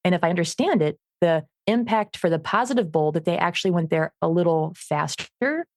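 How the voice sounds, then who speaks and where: A woman with a somewhat low voice co-hosts a casual podcast, recorded dry and close. She tells animated stories about her dog and gives the dog its own voice. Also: fairly quick, dry recording. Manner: animated storytelling, acts out her dog's voice. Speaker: podcast co-host, dog trainer. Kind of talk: casual chat.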